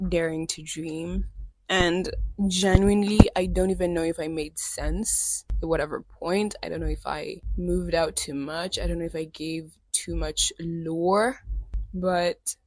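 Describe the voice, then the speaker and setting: A young woman hosts her solo podcast with her voice a bit low and under the weather from being sick. She rambles candidly and pokes fun at herself in easy casual chat. The sound is dry and close to the mic. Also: fairly even intonation, a little slow, no room sound. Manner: rambling, candid, self-deprecating. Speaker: podcast host.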